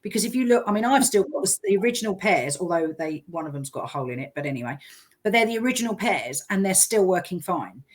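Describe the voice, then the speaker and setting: A chatty woman with a slightly low voice talks over a video call. She tells stories in a relaxed, rambling way and acts out what others said. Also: fast talker, husky. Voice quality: chatty storyteller, lively quoted voices. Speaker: guest business owner. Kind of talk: casual chat.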